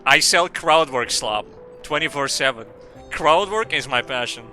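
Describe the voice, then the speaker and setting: Bright, profane, rambling male streamer. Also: mid-range voice, lively intonation, unhurried, faint music behind. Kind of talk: casual gaming stream chat.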